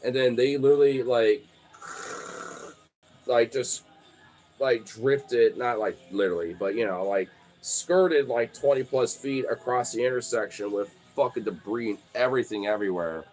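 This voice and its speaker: Brief: young male host, mid-pitched voice, loose profane storytelling over faint background music. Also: normal speed, darkish tone. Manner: rambling, profane, many "like" fillers. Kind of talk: casual storytelling.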